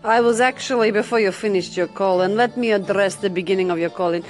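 A woman's voice: medium pitch, fast talker, lightly acted. A woman playing a brash, flirty Russian radio host with a mock Russian accent, theatrical and full of pet names. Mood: teasing. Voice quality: theatrical, coos pet names, swoops between purring and shouting. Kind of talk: comic character radio show.

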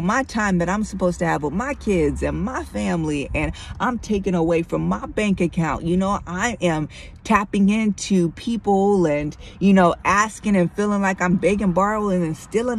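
A woman's voice: mid-range voice, normal speed, slight background noise. A middle-aged woman speaking candidly and conversationally to her listeners, sharing a personal faith testimony. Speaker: Christian vlogger.

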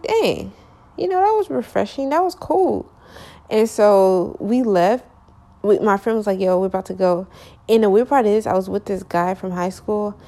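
A young woman telling a personal story in a loose, rambling way, full of slang and fillers, often circling back to correct herself. She sounds a little sleepy, yawning now and then. Her voice sits at a middle pitch. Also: dark tone. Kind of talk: casual storytelling.

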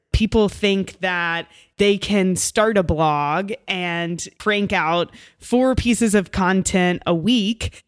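A woman podcast co-host telling a story in a chatty, animated way, full of "like" and "you know". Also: medium pitch, dry recording, studio quality. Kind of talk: casual storytelling chat.

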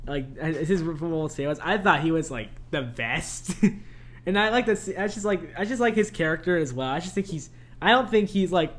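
Lively young man laughing through a movie chat. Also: fairly high pitch, moderate pace. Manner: animated, laughs often, quotes lines in funny voices. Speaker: podcast co-host. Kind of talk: casual movie review chat.

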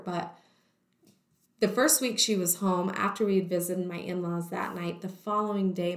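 Her voice low-ish and creaky, a woman candidly tells her own story as a guest in conversation. She fills it with "like," and the recording has an echoey room sound.

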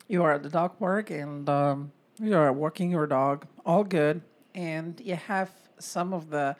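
A woman co-hosting a casual chat, talking easily and giving tips. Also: low voice.

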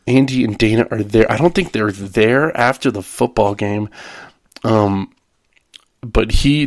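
A man's voice: fairly low pitch, no echo, studio quality. A man hosting a podcast, casually retelling a TV episode in a rambling way, with frequent ums and restarts. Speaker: podcast host.

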